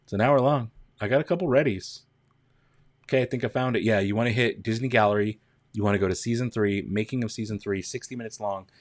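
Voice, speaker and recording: A man's voice: fairly low pitch, fast talker, dry recording, studio quality. A man hosting a casual livestream, chatting with viewers, greeting them by name and counting down. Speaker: livestream host.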